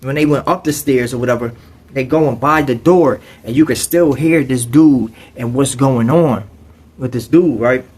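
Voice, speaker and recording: A man's voice: medium pitch, normal speed, a little mellow, husky. A man telling a story in casual, streetwise slang, with frequent conversational asides.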